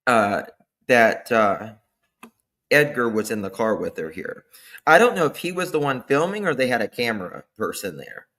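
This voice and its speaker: A man hosting a livestream, chatting casually, thanking viewers by name and commenting with animated asides. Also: medium pitch, normal speed. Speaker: livestream host. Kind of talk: casual true-crime commentary chat.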